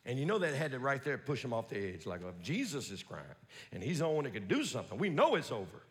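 A man preaching a sermon as pastor, folksy and reading scripture aloud, swinging from quiet musing to loud preaching. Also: mid-range voice, wildly swooping pitch, fast, long reverb tail.

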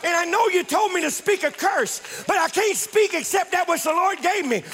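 A man voicing a firm, insistent prophet who speaks loudly in a preaching manner. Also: extremely high pitch, normal speed, pitched above the performer's own voice.

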